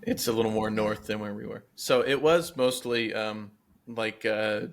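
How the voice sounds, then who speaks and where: A man's voice: fairly low pitch, a little slow. A young man co-hosting a podcast, telling a rambling travel story in casual chat with plenty of fillers. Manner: animated, rambling with many fillers. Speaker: podcast co-host.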